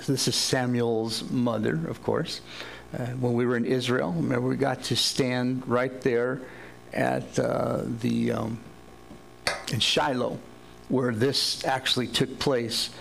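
A man preaching a sermon in a relaxed, conversational way, with wry humor as he retells Bible stories. His voice is gravelly, and a faint hum runs under the recording. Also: medium pitch, poor audio. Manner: casual, joking paraphrase of scripture. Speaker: pastor.

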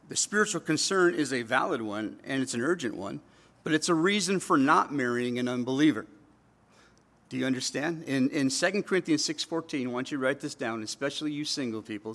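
A man's voice: mid-range voice, a little fast, a bit bright. A middle-aged man, preaching a sermon in a conversational way and slipping into quoted voices. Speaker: pastor.

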